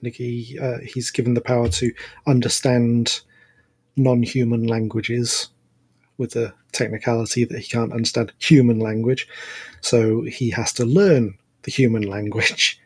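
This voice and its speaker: A man co-hosting an anime podcast in casual chat, speaking in a measured, hesitant way and correcting details. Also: medium pitch, a little mellow, breathy edge. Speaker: podcast co-host.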